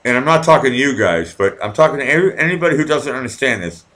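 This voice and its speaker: A man's voice: mid-range voice, animated, fast. A man, ranting profanely while chatting live with viewers and reading their comments. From Massachusetts, near Boston. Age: 40s. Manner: profane, rambling and ranting, swings from mumbling to loud outbursts. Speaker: live stream host.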